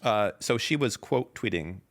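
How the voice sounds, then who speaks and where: A man's voice: lowish voice, lively intonation, unhurried. A man in his thirties hosting a podcast, reading tweets aloud and mocking them in casual, sarcastic chat.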